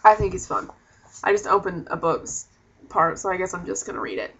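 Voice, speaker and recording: Chatty young woman, bright voice. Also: lowish voice, very animated, fairly quick, vocal fry, breathy edge, highs cut off. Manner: chatty, rambling, with frequent swearing. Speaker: vlogger. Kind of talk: casual vlog chat.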